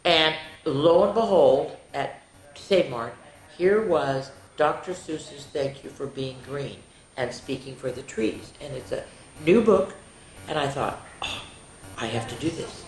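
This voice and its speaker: A middle-aged woman reading a picture book aloud to children in an expressive, sing-song way with chatty asides, in an echoey room. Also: low-pitched, takes it slowly. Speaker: children's storyteller.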